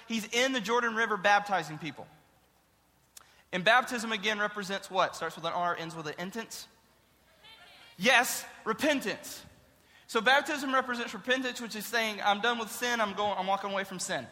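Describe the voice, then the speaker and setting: A man's voice: high voice, bright, forceful tone. A man, a youth pastor, giving a casual Bible lesson to kids, chatty and quizzing his listeners with questions. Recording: long hall reverb.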